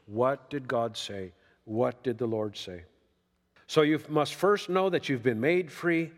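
A middle-aged man preaching a sermon, folksy and emphatic, jumping up for emphasis and dropping to a hush. He is in a church sanctuary. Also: medium pitch. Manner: folksy, emphatic preaching with sudden rises and soft drops. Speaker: pastor. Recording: long hall reverb.

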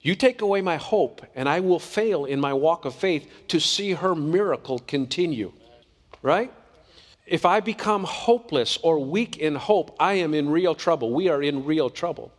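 A man's voice: a little high, expressive, normal speed, big-room sound. A man preaching a sermon in an earnest, conversational way, often asking the congregation questions.

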